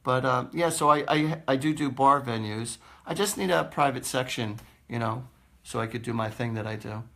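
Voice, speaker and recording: A man's voice: medium pitch, moderate pace, creaky, a bit bright. A man, a psychic host chatting casually on a live stream, rambling and laughing often.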